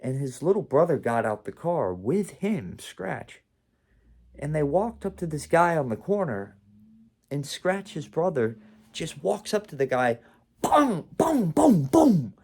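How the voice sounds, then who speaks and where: A man's voice: a little high, big pitch swings, measured pace, a little mellow. Rambling man telling a story. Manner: rambling, with frequent "like" and self-interruptions. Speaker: vlog host. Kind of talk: casual storytime monologue.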